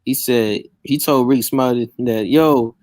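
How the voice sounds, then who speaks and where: A man's voice: mid-range voice, moderate pace, no echo, studio quality. A man in casual chat, telling funny stories with a lot of laughter. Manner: animated, laughing storyteller.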